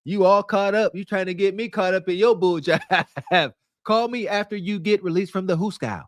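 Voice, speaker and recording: Casting: man doing a sassy deadpan phone assistant, high voice, dry sound. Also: moderate pace, dry recording, close to an everyday voice. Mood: scolding. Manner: slangy, teasing.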